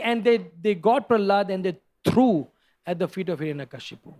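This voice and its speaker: A man telling a scripture story in a sermon, animated and stopping to restart often. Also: high-pitched, a little fast. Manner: animated, acts out characters, frequent restarts. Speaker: preacher giving a scripture class.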